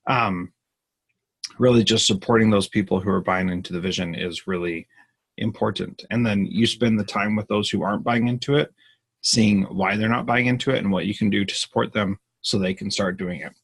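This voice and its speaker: A man's voice: lowish voice, fairly even intonation, normal speed, gravelly, breathy edge. A man cohosting a live question-and-answer session on leadership, talking earnestly and emphatically, often restarting his sentences. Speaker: podcast host. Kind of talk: live Q&A conversation.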